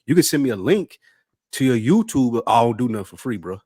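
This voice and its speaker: A man co-hosting a podcast in casual chat, telling stories with animated, indignant outbursts. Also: fairly quick, no room sound, studio quality. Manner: animated storyteller, jumps high when indignant. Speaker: podcast co-host.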